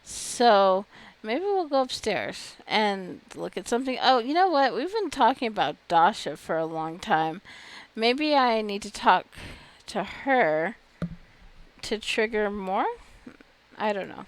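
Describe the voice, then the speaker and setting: A woman giving casual, wry commentary while playing a game, chatty and quick to laugh. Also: mid-range voice, sing-song. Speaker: game streamer. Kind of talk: casual let's-play commentary.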